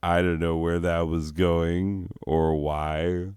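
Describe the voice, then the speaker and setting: A man high on edibles, rambling through a profane, giggly comedic monologue as host. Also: flat delivery, slow, a little mellow, clean tone, no echo, clean studio sound.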